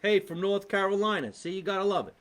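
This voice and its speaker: This New Jersey–accented man talks fast in a high-pitched, fairly bright voice while hosting a laid-back live podcast as a comedian. His delivery is chatty and meandering as he reads out viewer comments, with frustrated side remarks.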